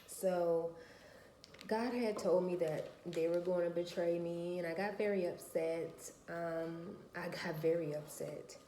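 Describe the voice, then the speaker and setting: A woman with a low, mellow voice speaks in a roomy, echoey space. She tells her story bluntly and with emphasis, swearing freely. It sounds like a casual home vlog. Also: fairly even intonation, slow, slight background noise. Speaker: vlogger, mother of four.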